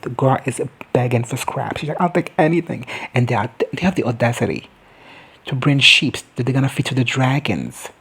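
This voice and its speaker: A man's voice: medium pitch, breathy edge. A man giving a casual, profane and campy recap of a TV episode, slipping into mocking voices for the characters. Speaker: recap commentator.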